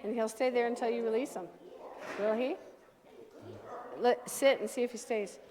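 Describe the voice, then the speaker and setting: A woman dog trainer leading a hands-on class, giving brisk, direct commands to owners and their dogs. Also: on the high side, steady tone, a little mellow. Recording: long reverb from a large room.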